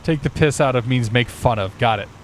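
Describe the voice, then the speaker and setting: A man's voice: mid-range voice, brisk, a little hiss or hum, rough recording. A man streaming a flight simulator, chatting casually with viewers and thinking aloud.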